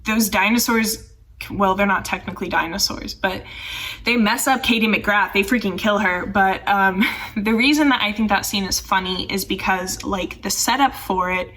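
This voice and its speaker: A woman's voice: medium pitch, moderate pace, a bit bright, recorded from a distance. A young woman rambling through a casual film review, full of "like" and sarcastic asides. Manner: chatty, rambling, heavy use of "like", sarcastic asides. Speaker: film commentary YouTuber.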